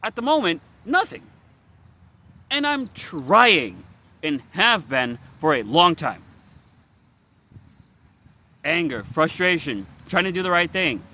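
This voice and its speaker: Weary, swearing man with a lively high voice. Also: measured pace, pauses often. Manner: frustrated, swearing, venting bluntly. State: weary and worn out. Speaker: vlogger. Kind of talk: confessional vlog rant.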